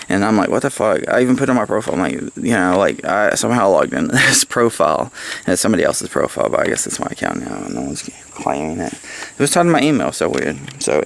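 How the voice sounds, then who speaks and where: A man rambles through a casual book report at home, cursing now and then and cracking himself up. His voice is low and gravelly. He talks with a lively, wandering pitch. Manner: rambling, profane, laughs at own jokes. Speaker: book reviewer. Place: at home, with pets around.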